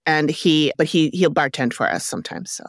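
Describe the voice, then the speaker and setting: Female host, lower voice, dry close mic; relaxed, giggly interviewer. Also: a little fast, no echo. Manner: laughs often, warm follow-up questions. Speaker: podcast host. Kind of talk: casual interview chat.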